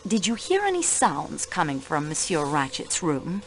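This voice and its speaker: A composed French woman investigator in a game, courteous, lively pitch. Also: normal speed, a little hiss or hum, full character voice. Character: calm, polite French female investigator. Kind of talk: video game voice acting.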